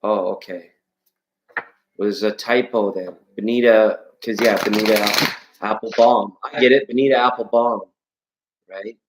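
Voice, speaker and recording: A man's voice: on the low side, steady tone, measured pace, long pauses, noisy background. A man hosting a live tarot stream, chatting playfully with viewers and sometimes singing scales. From Canada. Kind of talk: casual live-stream chat reading viewer comments. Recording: echoey room.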